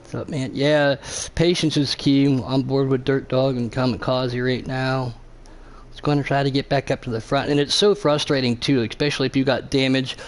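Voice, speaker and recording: Male race caller, casual league commentary, steady mid pitch. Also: normal speed. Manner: reads chat and calls onboard cameras. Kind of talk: sim racing commentary.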